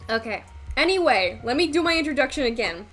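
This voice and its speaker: Young woman, streamer, rambling casual chat, lots of ums, a bit high-pitched. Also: lively intonation, a little fast, fairly bright tone. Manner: chatty and rambling, with frequent ums and self-conscious laughs. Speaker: live streamer.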